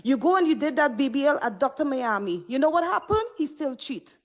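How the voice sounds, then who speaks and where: A woman's voice: high voice, big pitch swings, fairly quick. A woman speaking on a livestream panel, emphatic and preachy, who keeps repeating "stop it" and "okay?". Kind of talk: impassioned livestream panel talk.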